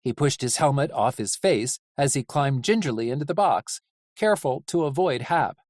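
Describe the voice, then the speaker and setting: An audiobook reader giving measured, animated narration of a story. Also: mid-range voice, dry recording, studio quality. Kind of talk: scripted narration.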